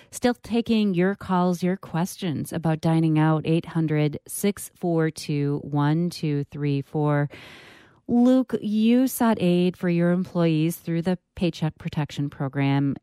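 Smooth, mellow radio host woman. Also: deep voice, dry recording. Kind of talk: radio interview.

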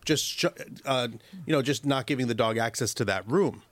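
Animated man giving radio dog advice. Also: medium pitch, moderate pace, dry recording. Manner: animated, acts out dog and owner voices. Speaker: professional dog trainer, radio guest.

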